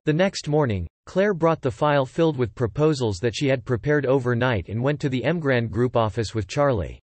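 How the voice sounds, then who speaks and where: A man narrating an audiobook in an even, measured storytelling manner. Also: mid-range voice, no echo, soft background music.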